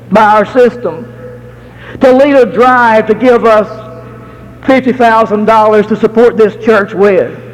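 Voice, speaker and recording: A middle-aged American man preaches in a high voice, telling homely stories with an easy folksy manner. He drags out the words he wants to stress. His sermon rings with long reverb from a large church hall. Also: dull audio. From United States. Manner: folksy storytelling, slows to stress key words.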